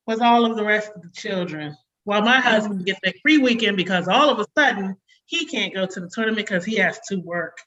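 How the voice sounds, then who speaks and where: A woman in her forties doing a chatty stand-up comedy set over a video call, slipping into sharp quotes of a stern mother. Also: medium pitch, lo-fi sound. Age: 40s.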